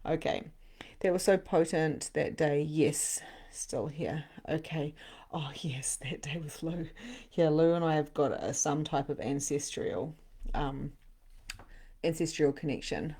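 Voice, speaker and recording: A middle-aged woman hosting a live spiritual session as a medium, chatting casually, laughing often and breaking into sudden excited bursts. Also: deep voice, measured pace, husky. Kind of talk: casual live-stream channeling.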